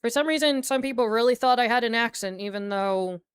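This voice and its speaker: A woman's voice: on the high side, brisk, clear, resonant tone. A young American woman chatting casually on a livestream as a VTuber, rambling with lots of fillers and frequent laughter. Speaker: VTuber streamer.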